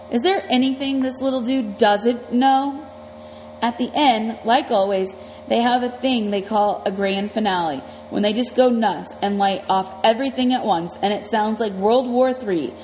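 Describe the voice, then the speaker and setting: A woman's voice: a little high, darkish tone, big-room sound, a little hiss or hum, rough recording. A woman reading a novel aloud in the first person, in a casual, slangy storytelling manner. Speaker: audiobook narrator.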